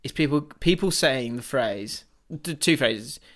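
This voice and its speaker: A man's voice: mid-range voice, expressive, a little slow, fairly bright tone. A young man co-hosting a podcast in casual, jokey banter, swearing freely and laughing often. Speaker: podcast co-host.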